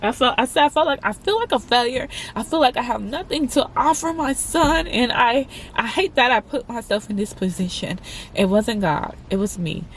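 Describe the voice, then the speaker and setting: A woman in her twenties telling a candid personal story to her viewers, chatty and halting, often calling them "y'all". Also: fairly high pitch, lively intonation, slight background noise. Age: 20s. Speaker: vlogger.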